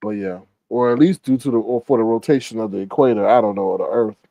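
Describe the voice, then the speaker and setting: A man hosting a casual gossip commentary, retelling a story with animated exclamations. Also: lowish voice, quick pace, gravelly, dry recording, dull audio. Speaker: commentary show host.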